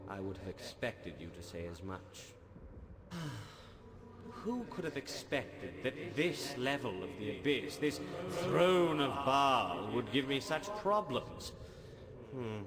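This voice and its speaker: A man's voice: mid-range voice, sing-song, slow, long pauses, a crowd in the background, pitched above the performer's own voice. A man voicing a scheming, petulant male god of murder in a game's dialogue, sarcastic and self-important, with game music behind him. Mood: brooding.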